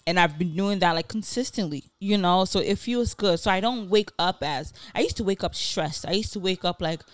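A woman's voice: fairly low pitch, fairly quick, no room sound. A woman co-hosting a podcast in casual chat, encouraging and reflective, with many fillers. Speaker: podcast co-host.

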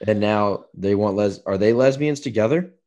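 Man, lowish voice, blunt co-host, casual, swears freely. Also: moderate pace, darkish tone. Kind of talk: casual chat.

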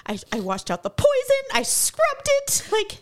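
A middle-aged woman, a mother, in casual chat, telling lively anecdotes with dry humor. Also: extremely high pitch, measured pace.

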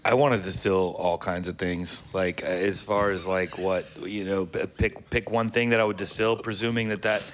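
Male podcast guest, lowish voice, halting delivery with lots of likes, audible noise behind him. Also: little pitch movement. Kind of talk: casual podcast chat. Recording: clear background noise.

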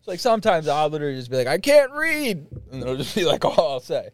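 Casual young dude on a podcast, animated storyteller, swears a lot, dry sound. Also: male voice, on the high side, rapid-fire, dry recording. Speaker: podcast co-host. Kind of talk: casual chat.

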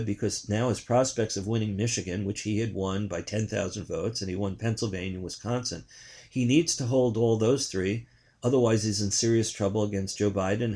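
A man's voice: medium pitch, mellow. An older man, a journalist, giving indignant political commentary in a rambling way, with frequent restarts.

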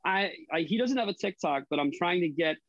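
A man's voice: high-pitched, animated, fairly quick, fairly bright tone, no room sound, muffled recording. A man guesting on a casual podcast, talking about his online videos with fillers and swearing. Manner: chatty, profane, hesitant fillers. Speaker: guest, online cooking creator.

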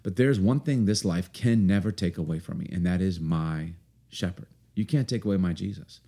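Male pastor in his forties, very low and mellow voice, earnest and unhurried podcast talk. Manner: earnest, unhurried, many fillers and restarts. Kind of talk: casual podcast talk and scripture reading.

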